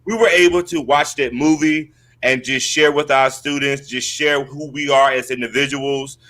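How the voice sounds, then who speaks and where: A man's voice: medium pitch, steady tone, moderate pace, pushed and bright. A man co-hosting an online talk show, upbeat and earnest as he talks about his students. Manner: upbeat, earnest, laughs easily. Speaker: school leader and co-host. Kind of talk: casual chat.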